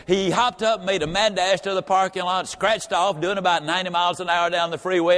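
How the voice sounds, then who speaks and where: A folksy male motivational speaker who tells a story with emphatic repeated refrains. His voice is fairly high for a man. Long reverb trails him around a large hall. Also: fairly bright tone. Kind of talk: storytelling speech.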